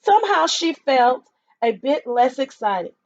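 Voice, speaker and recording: A woman's voice: sits high, very animated, unhurried, no room sound. A woman reading a picture book aloud to children, stopping to explain words and ask questions. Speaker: storytime reader for children. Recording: dull lo-fi dry recording.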